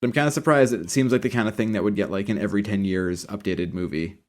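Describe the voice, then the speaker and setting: A man's voice: lowish voice, fast talker. A man co-hosting a podcast, rambling in casual chat with lots of filler words. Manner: rambling, many filler likes. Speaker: podcast co-host.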